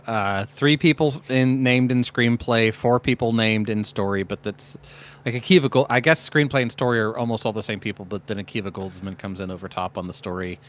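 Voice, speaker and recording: Low-voiced man from the Midwest, halting. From Indiana, US Midwest. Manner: measured, halting, thoughtful. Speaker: podcast co-host. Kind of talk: casual chat.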